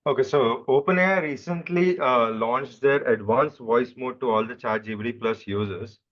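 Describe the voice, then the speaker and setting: A young man answering interview questions in a relaxed, explanatory way, often stopping and restarting. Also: medium pitch, normal speed. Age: young adult. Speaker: interview guest. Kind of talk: casual chat. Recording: dull lo-fi microphone.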